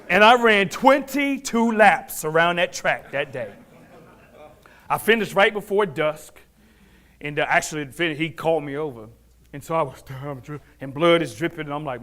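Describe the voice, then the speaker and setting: A man gives a personal testimony to a men's fellowship. His voice is somewhat high for a man, and he tells the story with animated energy, acting out the people in it. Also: moderate pace. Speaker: guest speaker at a men's fellowship.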